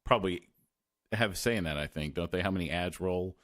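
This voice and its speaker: A man hosting a podcast in casual chat, rambling and halting with lots of fillers and restarts. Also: sits low, a bit bright. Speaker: podcast host.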